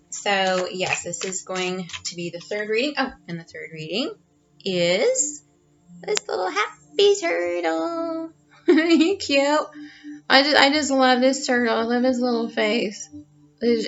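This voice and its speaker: A chatty woman talks through a tarot card reading at home in a bright, forceful voice, wandering off with fillers and restarts. The recording sounds dull and lo-fi. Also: mid-range voice. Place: her home.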